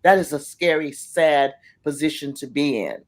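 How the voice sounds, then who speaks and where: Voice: mid-range voice, moderate pace. A middle-aged arts facilitator speaking on a panel, telling personal stories with passion, acting out the voices they quote and often restarting words. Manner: impassioned, acts out quoted voices, frequent restarts. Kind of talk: panel talk, personal storytelling.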